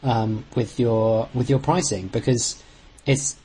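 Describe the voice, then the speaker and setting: A man's voice: mid-range voice, fairly even intonation, takes it slowly, warm tone, breathy edge, poor audio. A man co-hosts a casual football podcast in an ordinary mid-range voice. He talks earnestly and at length, circling with fillers. Now and then he bursts into exasperated complaint. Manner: earnest, rambling, with sudden outbursts. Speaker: podcast co-host.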